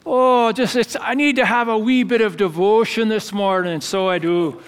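A man voicing a young Scottish lad with a Scottish accent who makes high, eager excuses. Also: fairly even intonation, normal speed, smooth, long reverb tail, close to an everyday voice. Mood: cheeky. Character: young Scottish lad, cheeky and pious-sounding.

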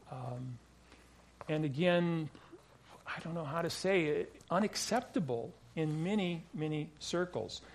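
A man preaching a sermon, emphatic and repetitive, asking rhetorical questions and sometimes restarting his words. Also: high voice. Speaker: pastor.

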